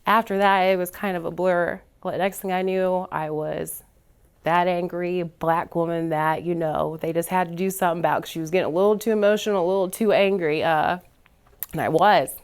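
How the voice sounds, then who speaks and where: A woman speaks in a somewhat low voice as a guest on a discussion panel. She recounts a personal experience earnestly, her telling swinging between hushed and heated. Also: fairly even intonation, normal speed, clean tone. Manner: earnest, builds from quiet to heated retelling.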